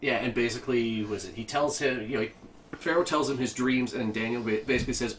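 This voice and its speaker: A man's voice: medium pitch, a little fast, a bit bright. A man co-hosting a casual podcast chat, rambling as he retells a movie scene with lots of restarts. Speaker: podcast co-host. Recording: distant mic with faint ambient noise.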